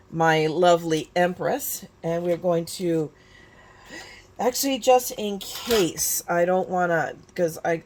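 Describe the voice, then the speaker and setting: There's slight background noise behind this woman's fairly low voice. In her fifties and based in California, she's a crafting YouTuber chatting through a casual tutorial, often starting over and teasing herself.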